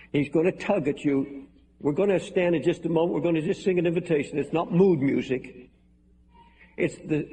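A man's voice: on the high side, warm tone, a little hiss or hum. A man preaching a sermon as pastor, earnest and pleading, with emphatic repetition, recorded live in a large church hall. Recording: live sermon in a reverberant hall, faint music.

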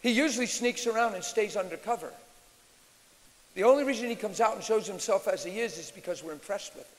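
High, animated male preacher. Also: quick pace. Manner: animated, shouts and mimics screams. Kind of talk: sermon Q&A. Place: large church hall, live. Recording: reverberant hall with faint hiss.

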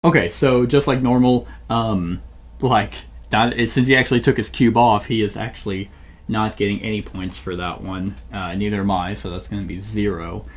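A man with a fairly low voice hosts a solo board game playthrough at a moderate pace. He thinks aloud and often searches for the right word mid-sentence.

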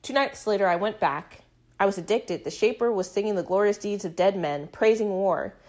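A woman reading a first-person literary novel aloud, with sudden loud and hushed outbursts. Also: medium pitch, normal speed. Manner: dramatic reading with shouted and whispered outbursts. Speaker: audiobook reader.

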